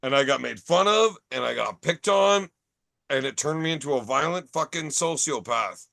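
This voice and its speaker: A man's voice: fairly high pitch, expressive, moderate pace, gravelly, pushed and bright, no echo. A man hosting a casual bar chat podcast, telling profane, rambling stories. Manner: profane, storytelling. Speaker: podcast host.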